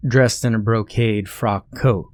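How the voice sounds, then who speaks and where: A man narrating a horror story in scripted, measured delivery. His voice sits low, and he keeps a steady storytelling pace. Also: no echo.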